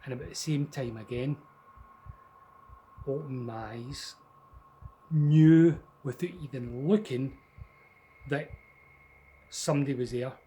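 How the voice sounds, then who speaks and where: A man's voice: mid-range voice, slow pace, long pauses, warm tone, low-quality recording. Scottish man telling a ghost story. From Scotland. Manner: rambling, conversational, with restarts. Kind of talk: casual spoken ghost story.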